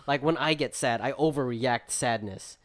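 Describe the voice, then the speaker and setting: A man's voice: medium pitch, normal speed, no room sound. A young man co-hosting a podcast, telling a story in a casual, rambling way with many filler words and acted-out quotes. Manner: rambling storytelling full of filler likes, acting out friends' lines. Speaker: podcast co-host. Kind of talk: casual chat.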